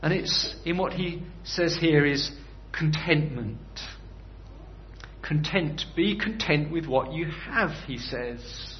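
A man's voice: a little high, lively intonation, slow pace, dull audio, a little hiss or hum. A man preaching a sermon in a conversational way, often putting rhetorical questions to his listeners.

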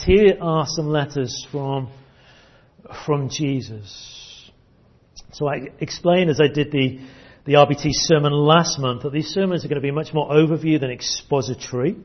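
A man preaching a teaching sermon to his congregation, earnest and prone to repeating words as he restarts. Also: fairly high pitch. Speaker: pastor. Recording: dull lo-fi church recording.

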